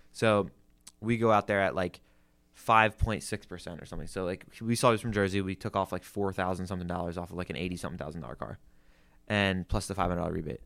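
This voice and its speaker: Young man, from the Philadelphia area, rapid casual podcast talk, clear smooth voice, swears a lot. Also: low voice, fairly bright tone. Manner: ranting, swears freely, lots of "like". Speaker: podcast co-host, car salesman.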